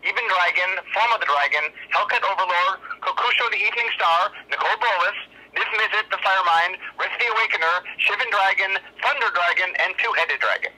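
A man calling in as a guest designer, talking quickly with stammering restarts. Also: sits high, pushed and bright. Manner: fast, self-deprecating, stammering restarts. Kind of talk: phone call-in chat. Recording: tinny phone line.

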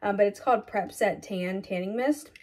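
A young woman vlogging casually, talking fast and filling with "like" and "um", filmed on a phone in her car and later on a tripod at home. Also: mid-range voice, darkish tone. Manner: fast, chatty, lots of "like" and "um". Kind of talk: casual vlog chat. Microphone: phone camera, then on a tripod.

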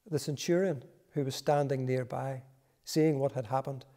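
A man reading a Bible passage aloud in a church service, measured and solemn. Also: medium pitch, fairly even intonation, creaky, dark tone. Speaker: scripture reader.

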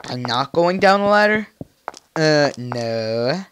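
Game music runs under this recording, which carries a little hiss or hum. The let's play gamer's voice is on the high side, expressive and fairly bright, and he takes it slow, rambling playfully with jokey asides as he plays.

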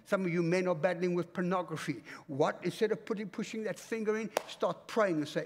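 A man from Africa preaching a fervent, commanding sermon in a church, swinging between loud and hushed. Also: high voice, brisk, hardly any pauses, a little hiss or hum. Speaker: pastor. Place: church auditorium. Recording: reverberant church hall.

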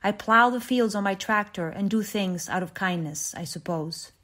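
A woman reading a short story aloud in an even, measured way, with small restarts. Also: medium pitch. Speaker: reader.

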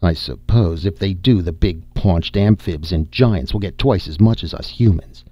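Archambaud, a shrill little agitator, read by a man. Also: moderate pace, dull audio. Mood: resentful. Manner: shrill, grumbling. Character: small male human agitator, shrill and spiteful.

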